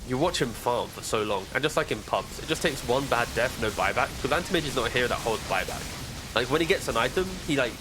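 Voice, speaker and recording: A man's voice: mid-range voice, animated, fast, over music. A man commentating live esports, giving casual, chatty analysis in a broadcast booth on a headset mic.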